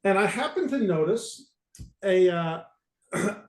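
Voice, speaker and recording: A man's voice: sits high, animated, darkish tone. Amused man telling a story, roomy sound. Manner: halting, many restarts, amused. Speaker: storyteller on a panel. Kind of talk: casual anecdote told to an audience.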